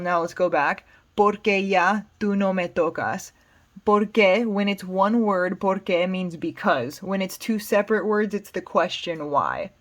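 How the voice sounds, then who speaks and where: A woman with an American accent teaching Spanish, patiently explaining song lyrics word by word. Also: lowish voice. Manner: patient, plain explanations with fillers.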